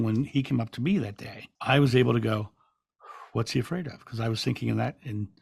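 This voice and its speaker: A man guest on an interview podcast, telling stories in a calm, reflective way with frequent restarts. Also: medium pitch, vocal fry, husky, no room sound, clean studio sound. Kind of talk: relaxed storytelling in an interview.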